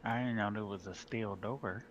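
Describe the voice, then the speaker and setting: A man playing a tabletop game over a call, chatty and quick to joke and protest. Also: lowish voice, fairly even intonation, lo-fi sound, a little hiss or hum. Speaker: player. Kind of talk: casual chat while playing a tabletop game.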